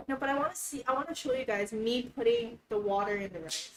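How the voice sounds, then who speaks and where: A young woman films a casual cooking vlog in her home kitchen, talking fast with lively intonation in a fairly high voice. Chatty and a bit flustered, she giggles and narrates each step for her viewers, with roomy kitchen echo and faint noise in the recording.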